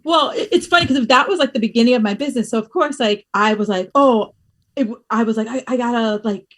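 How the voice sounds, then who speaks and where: A woman from the US East Coast, a guest on a podcast, telling stories in an animated, expressive way and laughing as she talks. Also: fairly high pitch, quick pace. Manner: animated storyteller, expressive, laughs while talking. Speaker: podcast guest, fitness business owner. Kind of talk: casual conversational interview.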